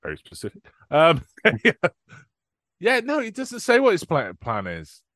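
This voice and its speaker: A man's voice: a little high, wildly swooping pitch, measured pace, fairly bright tone, no echo, clean studio sound. A man co-hosting a casual film podcast, chatty and swearing, acting out lines from the movie as he recaps it. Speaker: podcast co-host.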